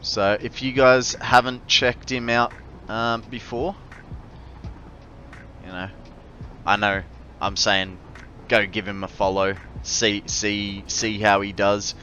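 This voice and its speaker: A man's voice: fairly low pitch, flat delivery, takes it slowly, pushed and bright. An Australian man streaming a game, chatting casually with viewers in a rambling, friendly way, over slightly muffled audio with faint music. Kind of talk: casual live-stream chat while gaming.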